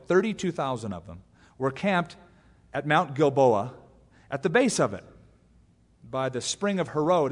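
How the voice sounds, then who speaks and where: A man's voice: mid-range voice, in a large hall. A man pastor teaching a Bible sermon, telling the story with humor and acting out the quotes. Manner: animated storyteller who acts out quotes with humor.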